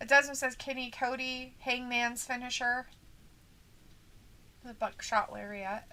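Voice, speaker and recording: A woman's voice: on the high side, fairly even intonation, takes it slowly, pushed and bright. A woman co-hosting a wrestling watch-along, reading viewer comments aloud in a playful, teasing way.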